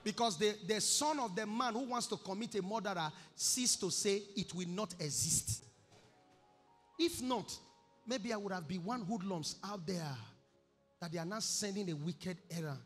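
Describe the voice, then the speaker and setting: High-voiced Nigerian preacher in a reverberant hall. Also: male voice, moderate pace. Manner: animated preaching, shouting out acted quotes, breaking into song. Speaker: pastor. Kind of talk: sermon. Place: church. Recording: reverberant church hall with music behind.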